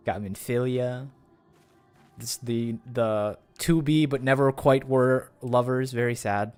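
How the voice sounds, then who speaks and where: A man streaming a game live, chatting excitably and rambling with restarts, his voice jumping up on exclamations. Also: takes it slowly, clear, resonant tone, soft background music. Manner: excitable, jumps up in pitch on exclamations. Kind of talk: live gameplay commentary.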